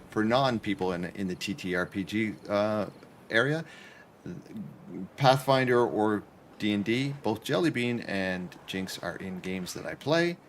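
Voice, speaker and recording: A man's voice: low voice, slight background noise. A man chatting casually with his viewers, joking while he plays a game from his apartment. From Canada. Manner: chatty, joking, talks to chat while playing. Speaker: streamer. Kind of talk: casual gaming livestream commentary.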